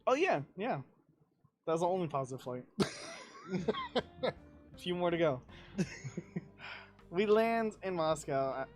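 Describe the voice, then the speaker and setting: This young podcast guest has a high voice and speaks unhurriedly with long pauses, faint music playing behind him. He tells a travel story in casual conversation, swearing freely and laughing animatedly as he goes.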